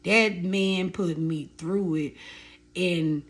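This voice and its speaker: A young woman, casually telling her life story to her viewers, animated and repeating phrases for emphasis. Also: lowish voice, extremely slow.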